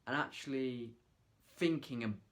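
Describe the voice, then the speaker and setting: A man's voice: mid-range voice, measured pace. A man talking casually to camera, giving acting tips in a loose, chatty way with lots of fillers, trying out lines in different ways. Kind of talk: casual vlog tutorial.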